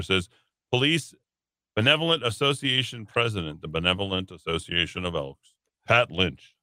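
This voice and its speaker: Sarcastic male talk radio host, bright tone. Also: sits low, moderate pace, dry recording. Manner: reads headlines then adds sarcastic asides. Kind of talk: casual talk radio, reading news.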